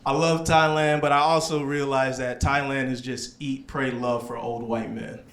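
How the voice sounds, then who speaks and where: A man from the American South doing a stand-up comedy set in a small lounge, talking in a relaxed, conversational way and slipping into put-on voices for his characters. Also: mid-range voice, normal speed. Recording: echoey club room with loud audience noise.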